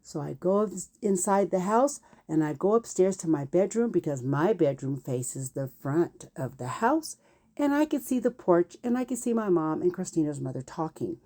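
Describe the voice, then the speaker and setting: A woman in her fifties tells a personal story from her childhood. Her voice is warm and darker in tone, and her pitch moves in a lively, animated way as she acts out the people in the story. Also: normal speed.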